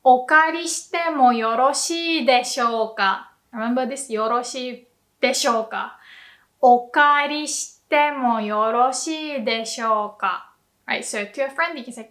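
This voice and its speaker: High, bright-voiced woman teaching. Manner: lively explaining, frequent light laughter. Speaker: Japanese language teacher. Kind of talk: online language lesson.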